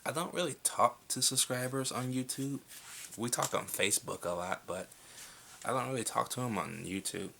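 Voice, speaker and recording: A man's voice: medium pitch, moderate pace, gravelly, sharp tone, a little hiss or hum. A young man answering viewer questions in a casual vlog at home at night. He is laid-back and blunt, and he swears freely.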